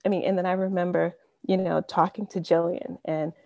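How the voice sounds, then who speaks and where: A woman's voice: fairly low pitch, flat delivery, brisk, creaky, darkish tone, no room sound, highs cut off. A woman in her fifties giving an earnest, conversational faith testimony over a video call, often saying "you know". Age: 50s. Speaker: speaker sharing a testimony.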